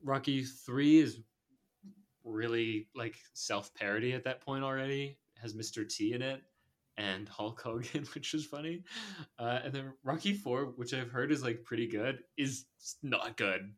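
A man's voice: mid-range voice, moderate pace. A man hosting a podcast in casual chat, rambling with lots of filler words and frequent laughs. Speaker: podcast host.

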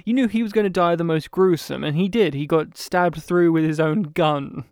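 A man co-hosting a casual film review chat, talking in an animated, rambling way. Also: fairly high pitch, no room sound, studio quality. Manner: animated, rambling, quick to mimic characters. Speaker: film podcast co-host.

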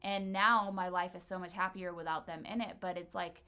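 Woman, host, casual chat, blunt, profane, bright forceful voice. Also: fairly low pitch, steady tone, moderate pace.

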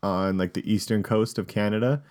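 A man's voice: lowish voice, steady tone, moderate pace, a little mellow. A man co-hosting a podcast, telling a rambling story in casual banter, with lots of fillers. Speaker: podcast co-host.

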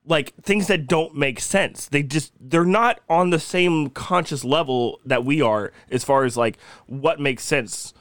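Excitable young man swearing on a podcast. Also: fairly high pitch, measured pace, hardly any pauses, dry recording, clean studio sound. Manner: laughs often, swears freely, excitable. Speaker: podcast co-host. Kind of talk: casual podcast chat.

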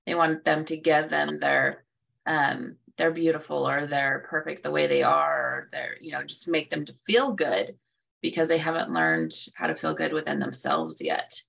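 Gravelly bright-voiced woman. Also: low-pitched, normal speed, recorded from a distance. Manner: acts out quoted reactions, laughs at herself. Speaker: co-host. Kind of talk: casual conversation.

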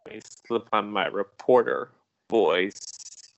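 A man who is a podcast guest in casual chat, excitable and rambling with frequent restarts. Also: lowish voice, takes it slowly, vocal fry.

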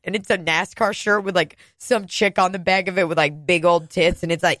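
Profane, animated woman telling a story. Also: mid-range voice, brisk, no echo. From Kansas City, United States. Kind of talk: casual storytelling chat.

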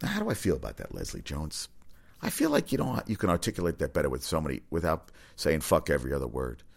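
A man's voice: a bass voice, wildly swooping pitch, fast, creaky. A man hosting a casual opinion commentary, blunt and rambling, swearing freely. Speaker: commentary host.

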